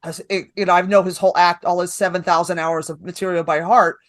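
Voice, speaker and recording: A woman's voice: on the low side, quick pace, no echo. A woman stand-up comedian, a guest on a podcast, talking casually and telling stories with acted-out quotes. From New York. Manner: animated storytelling with acted-out quotes.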